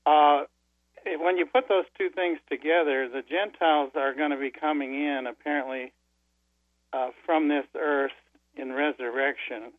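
A man's voice: a little high, steady tone, a little slow, no echo. A man calling in to a radio show, talking hesitantly with many fillers. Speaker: caller. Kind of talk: phone-in call. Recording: tinny phone line.

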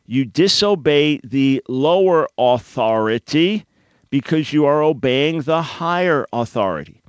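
A man's voice: medium pitch, no echo. A man hosting a call-in talk radio show, explaining points in a teaching, emphatic way with everyday analogies.

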